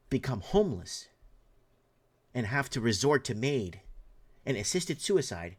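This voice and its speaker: A middle-aged man, commenting in an impassioned rant, indignant and heated with frequent restarts. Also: lowish voice. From Canada.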